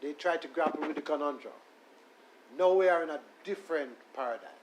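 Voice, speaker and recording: A man, a lawyer making a deferential, measured legal argument in court and reading his submissions aloud. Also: a little high, slight background noise, rough recording. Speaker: defense attorney.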